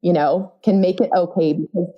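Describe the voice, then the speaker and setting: A woman in her thirties, a writer and mother, speaking as a podcast guest, earnest and animated with frequent fillers. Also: lowish voice, normal speed, dull audio. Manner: earnest, animated, lots of "like" and "you know". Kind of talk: casual conversational interview.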